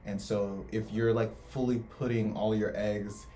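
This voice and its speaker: A man's voice: lowish voice, level tone, measured pace, mellow, slight background noise. A young man who just finished college, speaking earnestly and reflectively in a casual faith discussion. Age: young adult. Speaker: co-host.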